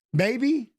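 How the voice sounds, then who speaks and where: A middle-aged man with a notably high voice hosts a live fight watch-along. His talk is loose and animated, wandering off track and circling back to repeat himself. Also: very noisy. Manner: animated, rambling, repeats phrases. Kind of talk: casual live fight commentary.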